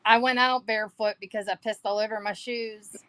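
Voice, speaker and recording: A woman's voice: fairly high pitch, fairly even intonation, brisk, sharp tone. A woman in casual livestream chat, blunt and laughing.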